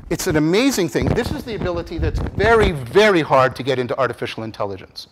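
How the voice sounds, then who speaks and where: A man giving a conference lecture on cognitive science, with animated emphasis, rhetorical repeated questions and frequent restarts. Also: a little high, fast, few pauses, background noise. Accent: Canadian English. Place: lecture room.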